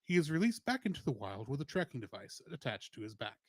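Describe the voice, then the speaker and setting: A man's voice: mid-range voice, big pitch swings, quick pace, slightly rough, no echo. A man co-hosting a podcast, reading a plot summary and film trivia with playful asides. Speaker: podcast co-host.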